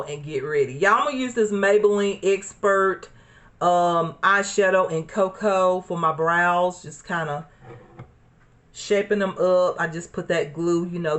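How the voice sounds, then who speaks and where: Slow-talking woman vlogger. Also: medium pitch, a bit bright. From Alabama. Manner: chatty, repeats herself, addresses viewers as y'all. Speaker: beauty vlogger. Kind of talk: casual get-ready-with-me chat. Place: home desk corner.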